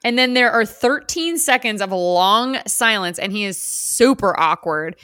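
A woman co-hosting a podcast, chatting casually about a movie, animated and giggly, acting out lines. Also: medium pitch, unhurried, clean tone, no echo, clean studio sound. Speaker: podcast co-host. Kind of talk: casual chat recapping a movie.

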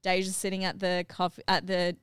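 A middle-aged woman hosting a family podcast, animated and laughing as she retells a family story. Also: on the low side, moderate pace, clear, resonant tone, no echo. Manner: animated, acts out what others said, laughs while telling. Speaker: podcast host and mother.

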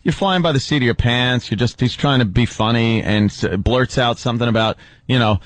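A man's voice: medium pitch, a little fast, dry recording. A male radio host joking with his guests, blunt and loose. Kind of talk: casual radio talk.

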